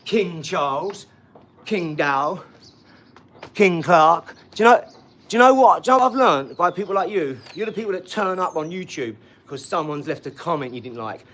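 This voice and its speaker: A loud, swaggering man, his voice sitting a little high as he rails and mocks on a live stream. There's a faint background hum from the garage he's broadcasting from. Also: lively intonation, normal speed. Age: 40s. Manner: combative, loud and mocking; swaggering street slang. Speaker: livestream host. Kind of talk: ranting live stream chat.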